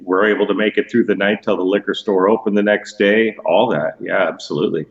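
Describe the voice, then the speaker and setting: A man's voice: on the low side, fairly even intonation, fairly quick, highs cut off. A man co-hosting a sobriety talk, chiming in with short agreeing remarks. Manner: brief agreeing interjections.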